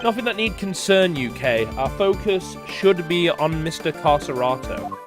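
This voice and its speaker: A streamer reading as a composed, aloof male prosecutor, formal and measured, never raising his voice. Video game music plays steadily behind him. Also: on the high side, animated.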